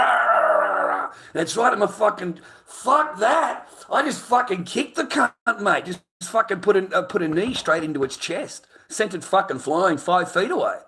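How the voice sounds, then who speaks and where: An Australian man ranting to camera, profane and heated, with loud outbursts. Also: high voice, expressive, moderate pace, few pauses. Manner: heated, swearing, loud bursts with laughs. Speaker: vlogger.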